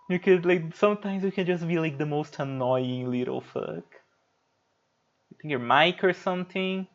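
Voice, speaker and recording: A man's voice: a little high, normal speed, fairly bright tone, muffled recording. A man streaming a video game, chatting casually, rambling and swearing loosely while he plays. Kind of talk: casual livestream gameplay chat.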